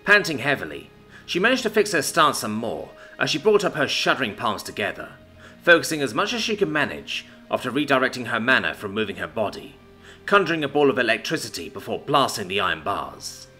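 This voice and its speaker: A man giving a scripted, expressive dramatic reading of a fantasy story. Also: mid-range voice, fairly quick, soft background music. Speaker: story narrator. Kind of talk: scripted narration.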